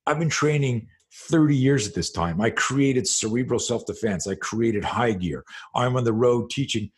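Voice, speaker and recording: A man, a self-defense instructor and podcast guest, telling a story in casual conversation, animated and swearing freely. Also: mid-range voice, moderate pace.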